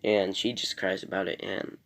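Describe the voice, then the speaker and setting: A man's voice: low voice, level tone, normal speed, fairly bright tone. A man casually recapping a TV episode in a rambling way, full of fillers and self-corrections. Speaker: TV episode reviewer.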